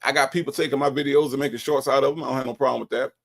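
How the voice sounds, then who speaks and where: A man's voice: mid-range voice, fairly even intonation, racing, vocal fry. Male stream host, confrontational commentary, repetitive delivery. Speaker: livestream host. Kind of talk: commentary on call recordings.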